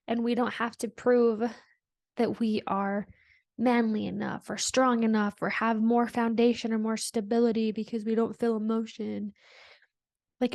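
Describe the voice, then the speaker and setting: A woman's voice: a little high, dry recording, clean studio sound. A woman hosting a spiritual podcast, talking in a meandering, reflective way with many fillers. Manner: meandering, reflective, soft-spoken with frequent "like" fillers. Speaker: podcast host. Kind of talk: casual spiritual monologue.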